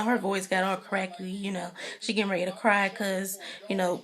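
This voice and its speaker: A woman's voice: mid-range voice, flat delivery, a little fast. A young woman giving a casual, opinionated recap of a TV episode, acting out what people said and leaning on "you know" as she goes. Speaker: TV recap vlogger.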